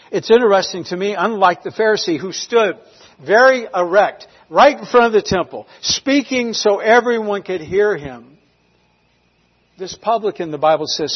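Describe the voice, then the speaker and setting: Preacher man from north carolina, high husky voice, loud then hushed, dull lo-fi sound. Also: long reverb tail. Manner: emphatic, swings between loud declarations and hushed lines. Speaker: pastor. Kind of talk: sermon. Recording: slightly dull lo-fi recording.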